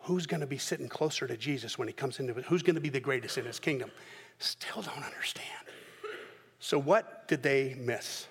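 A man preaching a sermon as pastor, telling the story in a lively way and acting out the characters' voices. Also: medium pitch, fast talker, creaky, few pauses, breathy edge, big-room sound.

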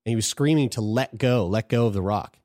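A man's voice: on the low side, brisk, darkish tone, dry recording, studio quality. A man telling a personal story in casual conversation, frank and profane, often restarting his sentences.

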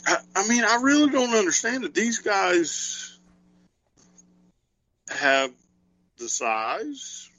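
A man's voice: high voice, sing-song, takes it slowly, long pauses, pushed and bright, low-quality recording. A man co-hosting a podcast, talking casually in a rambling way and thinking aloud with lots of fillers. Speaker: podcast co-host. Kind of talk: casual wrestling chat.

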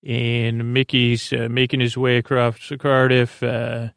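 Rambling, gravelly podcast host man. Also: mid-range voice, completely flat delivery, slow pace, a bit bright, no echo, studio quality. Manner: rambling, many fillers and self-corrections. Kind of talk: casual episode recap.

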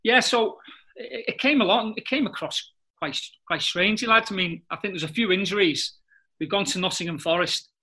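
A middle-aged man, a former footballer telling lively anecdotes in a casual interview and often laughing. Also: high-pitched, moderate pace. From England.

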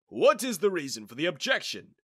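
A man voicing an older priest who speaks in a measured, careful way. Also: high voice, dry recording, studio quality, voice pushed up, heavily acted. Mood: calm. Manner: measured, trying to stay calm. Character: calm old male priest.

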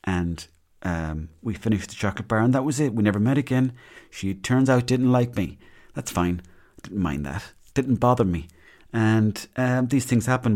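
A man's voice: on the low side, expressive, normal speed, darkish tone. A man hosting a solo podcast, rambling and chatty, with a self-deprecating manner. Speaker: podcast host. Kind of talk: casual solo podcast monologue.

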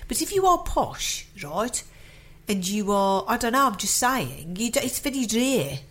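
A woman's voice: on the high side, big pitch swings, measured pace. A woman co-hosting a casual podcast, asking questions eagerly and often cutting in. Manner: inquisitive, interrupts eagerly. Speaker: podcast co-host.

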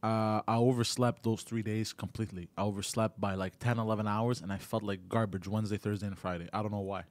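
A man's voice: on the low side, fairly even intonation, fast. A man co-hosting a casual livestream chat, telling stories in a laid-back, earnest way. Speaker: co-host.

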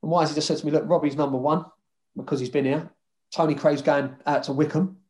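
A man's voice: a little high, fairly even intonation, brisk, darkish tone. A man, a former footballer casually telling rambling anecdotes in an interview, swearing freely.

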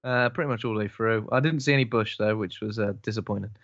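A man's voice: on the low side, fast, fairly bright tone, no room sound, dull audio. A man in casual film podcast chat, joking and slipping into silly voices. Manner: joking, does silly voices mid-story. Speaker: podcast co-host.

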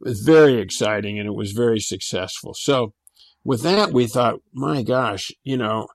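Older male interviewee, relaxed recollection, mid pitch, dry close sound. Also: normal speed, gravelly, no room sound. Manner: relaxed, with restarts and fillers. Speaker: interview guest. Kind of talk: casual recollection.

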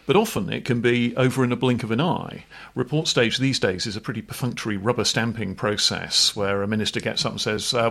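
Male podcast co-host, gravelly low voice, wry explainer. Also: fairly bright tone. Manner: wry, informal, jokey asides. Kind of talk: explanatory chat.

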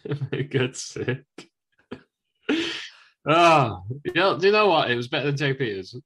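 A man, podcast co-host, tossing in lively quips. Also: mid-range voice, measured pace, husky.

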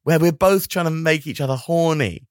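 A man co-hosting a comedy podcast, animated, laughing often and riffing on jokes. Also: a little high, moderate pace, no room sound, studio quality. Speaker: podcast co-host. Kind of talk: comedic casual chat.

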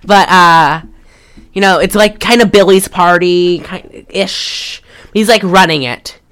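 A woman's voice: on the low side, slow, fairly bright tone, clean tone. A woman hosting a casual chat, rambling through a movie plot with lots of fillers and swearing.

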